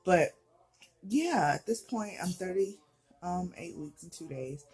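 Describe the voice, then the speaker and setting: A woman's voice: fairly low pitch, expressive, unhurried, a little mellow, breathy edge. A heavily pregnant young woman, out of breath, telling a personal story in a chatty, candid way full of fillers. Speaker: vlogger.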